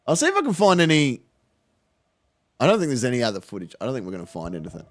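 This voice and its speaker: A man's voice: on the high side, sing-song, moderate pace, long pauses. An Australian man hosting a live show, giving crude, sarcastic commentary on protest footage and swearing freely. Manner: crude, mocking, swears freely, laughs at own jokes.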